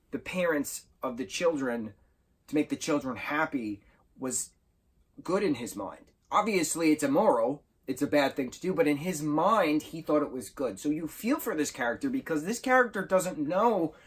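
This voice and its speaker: Husky man rambling through a book review. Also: fairly high pitch. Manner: enthusiastic, rambling, with self-corrections. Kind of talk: casual spoken book review.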